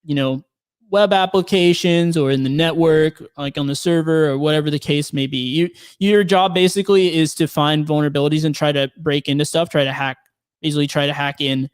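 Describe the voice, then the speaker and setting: Man, slightly high smooth voice, dry close sound, casual explainer, lots of fillers. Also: fairly even intonation, a little fast, no room sound. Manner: explains at length with many fillers and restarts. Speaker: penetration tester, guest. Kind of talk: casual podcast conversation.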